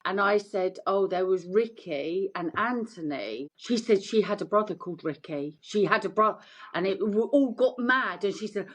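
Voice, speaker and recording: A woman's voice: medium pitch, moderate pace. A middle-aged woman, a guest telling her story in an interview and acting out the voices of the people in it. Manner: animated, acts out quoted voices.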